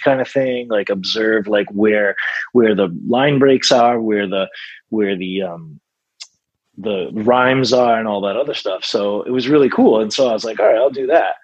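A man's voice: fairly low pitch, breathy edge, no room sound, muffled recording. A male songwriter as a guest in a casual interview, rambling with many fillers and restarts.

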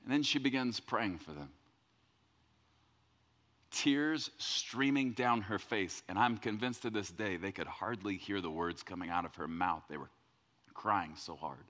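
Bright-voiced man preaching in a hall. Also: on the low side, normal speed. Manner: conversational, repeats words when quoting himself. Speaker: pastor. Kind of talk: sermon storytelling.

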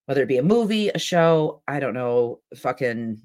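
A woman's voice: extremely low pitch, animated, moderate pace, a little mellow. Woman podcast co-host, casual, swears freely, laughs a lot. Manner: profane, chatty, laughs often. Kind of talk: casual chat.

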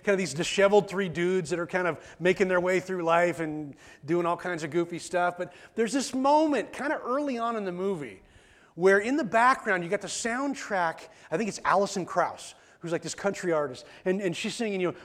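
A man's voice: high-pitched, expressive, brisk. A male pastor giving a conversational sermon in church, often repeating words as he starts a sentence.

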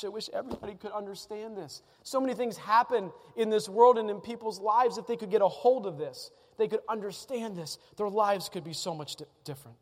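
In a large hall whose long reverb lingers after every line, a male pastor gives a sermon in a fairly high, darkish-toned voice. He sounds chatty and emphatic, building momentum by repeating phrases.

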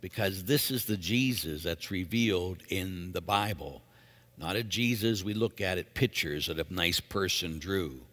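A very deep-voiced priest reads scripture with a solemn, measured delivery, then preaches earnestly. His voice rings out with a long church reverb. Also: a bit bright. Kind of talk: liturgical reading and homily.

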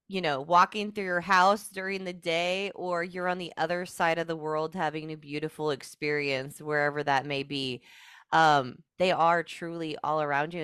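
Smooth-voiced earnest woman guest. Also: low-pitched, fairly bright tone, no echo, clean studio sound. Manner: earnest and heartfelt, with many "like" fillers. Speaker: podcast guest. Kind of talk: emotional personal storytelling.

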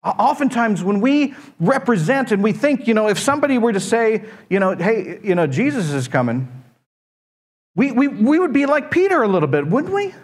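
Guy preaching a sermon, high voice, acts out the voices in his stories, drops to a whisper sometimes. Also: brisk, few pauses. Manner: animated storytelling, acts out panicked voices and hushed whispers. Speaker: pastor.

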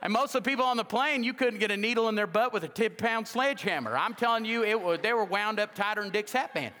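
Animated pastor with a bright, high voice. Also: male voice, quick pace, big-room sound. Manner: jokey, animated, acts out quoted dialogue. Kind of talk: humorous sermon with storytelling. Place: church sanctuary.

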